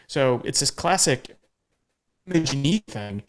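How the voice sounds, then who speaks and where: A man's voice: medium pitch, lively intonation, a little slow. A man hosting a podcast in casual conversation, talking emphatically and bluntly, with the odd swear word. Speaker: podcast host.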